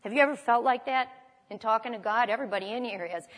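A woman's voice: fairly high pitch, expressive. Woman preaching in a reverberant hall. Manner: dramatic reading with emphatic pauses. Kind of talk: sermon, reading and explaining scripture.

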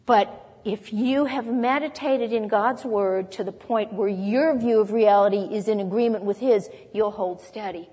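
A woman's voice: mid-range voice, a little slow, mellow, husky. A woman preaching a Bible lesson, earnestly explaining verses and reading scripture aloud. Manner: earnest teaching, reads scripture aloud, occasional light laugh. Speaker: Bible teacher. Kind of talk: sermon. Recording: long hall reverb.

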